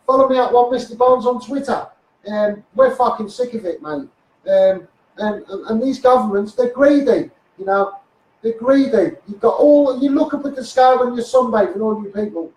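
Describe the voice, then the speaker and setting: A man's voice: extremely high pitch, moderate pace, darkish tone. A man with a Liverpool accent ranting in a Facebook live monologue, swearing and firing repeated asides at his viewers, recorded on a phone. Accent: Liverpool (Scouse). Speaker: self-styled activist livestreamer. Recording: echoey room, far from phone mic.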